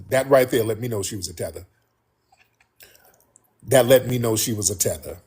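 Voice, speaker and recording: A man's voice: mid-range voice, a little mellow, husky. A man hosting a call-in talk show, preachy and indignant, repeating his warnings to listeners. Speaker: radio show host.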